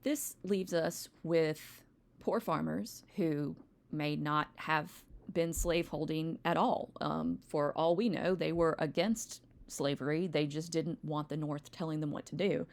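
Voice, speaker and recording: A woman's voice: sits low, steady tone, unhurried, creaky, darkish tone. A woman teacher giving a recorded history lecture, rambling with wry asides and frequent ums. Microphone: home recording, textbook open nearby.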